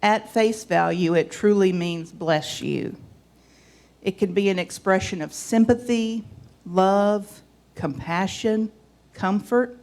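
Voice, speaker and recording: A woman's voice: mid-range voice, takes it slowly, darkish tone. A woman in her forties from the American South with a Southern accent, giving a homey church reflection with scripture reading and folksy asides. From Southern United States.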